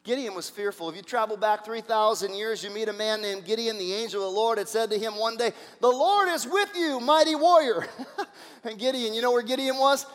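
A male pastor preaching a sermon, energetic, throwing out rhetorical questions and swinging between loud and soft. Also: high-pitched, fast, hardly any pauses, in a large hall.

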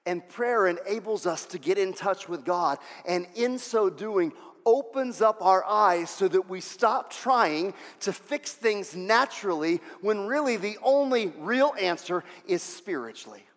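A man preaching a sermon, animated, acting out voices and swinging from loud to hushed. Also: sits high, unhurried. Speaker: pastor. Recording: long hall reverb.

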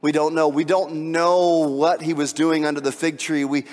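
A man preaching a sermon with emphatic delivery, swinging from hushed, intimate passages to shouted climaxes. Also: a little high, little pitch movement, moderate pace, big-room sound. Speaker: pastor.

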